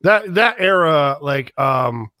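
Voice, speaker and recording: A man on a podcast telling a story in a halting way, searching for words. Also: a little high, lively intonation, sharp tone, no room sound, clean studio sound. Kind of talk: casual podcast chat.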